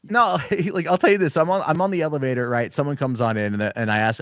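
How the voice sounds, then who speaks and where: A man's voice: fairly high pitch, fast, fairly bright tone, no echo, lo-fi sound. A man, a guest on a podcast, chatting casually and telling rambling, profane anecdotes.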